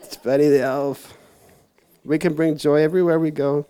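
A man's voice: fairly high pitch, fairly even intonation, normal speed, dark tone, clear, resonant tone, a faint crowd. A man giving a casual, rambling sermon to a youth group, full of fillers and self-mocking asides. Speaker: youth church speaker.

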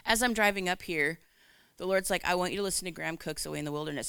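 A woman giving a candid, animated personal faith testimony, acting out her own lines of dialogue as she tells it. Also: lowish voice, fairly quick, pauses often, smooth, no echo. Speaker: Christian speaker.

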